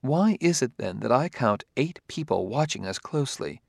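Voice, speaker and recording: A man reading the part of a calm, precise male robot in a measured, formal way, as in an audiobook. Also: mid-range voice, gravelly, dry recording, studio quality.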